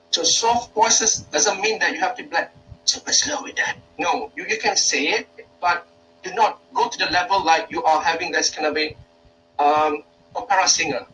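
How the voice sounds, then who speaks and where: A man's voice: fairly high pitch, bright, forceful tone, distant mic, slight background noise, poor audio. A Malaysian man, a university lecturer, giving an informal workshop talk in a hesitant way, with many fillers and restarts.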